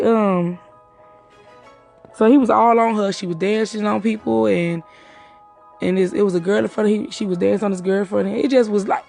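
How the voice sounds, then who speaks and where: This is casual storytelling about a night out, full of profanity and quick, acted-out quotes from others. The woman's voice is mid-range, creaky, and a little mellow.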